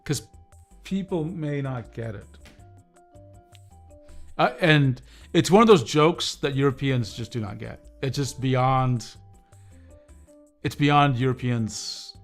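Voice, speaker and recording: A man's voice: medium pitch, measured pace, long pauses. Guy chatting on his stream, rambly, lots of uhs and restarts, faint music behind. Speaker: livestream host reviewing drawing tablets. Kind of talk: casual livestream chat with viewers.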